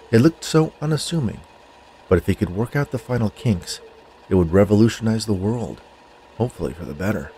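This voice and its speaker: A man's voice: deep voice, darkish tone, breathy edge, no echo. A man reading a scripted story aloud with a theatrical delivery.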